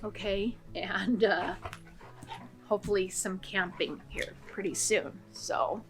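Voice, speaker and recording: A woman's voice: mid-range voice, steady tone, slow pace, faint music behind. A woman vlogging from home in casual, rambling chat to the camera. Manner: chatty, rambling, warm-hearted.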